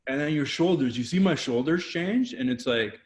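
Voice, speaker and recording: A man's voice: fairly high pitch, moderate pace. A man with a Canadian accent, a guest photographer talking animatedly in a casual video interview and acting out quotes. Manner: energetic, animated, acts out quotes.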